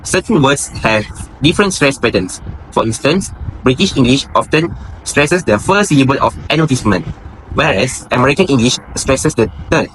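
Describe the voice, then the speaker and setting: A man's voice: mid-range voice, lively intonation, normal speed, fairly bright tone, slight background noise, rough recording. A man giving a scripted academic narration as a student presenter, reading steadily and citing his sources.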